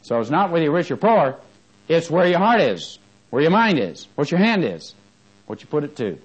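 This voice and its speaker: A man preaching a sermon, asking his congregation questions and moving between fervent emphasis and quiet asides. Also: on the high side, sing-song, moderate pace, breathy edge, poor audio.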